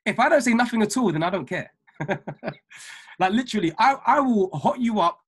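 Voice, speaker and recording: A man who is an ordained minister, giving a motivational talk on a weekly video call, preachy and emphatic, repeating key lines slowly for notes. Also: sits high, expressive, fairly bright tone, slightly rough. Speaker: ordained minister and trading mentor.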